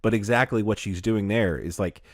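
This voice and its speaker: A man's voice: on the low side, moderate pace, no echo, clean studio sound. A man co-hosting a podcast in casual chat, rambling with many restarts and laughing often. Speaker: podcast co-host.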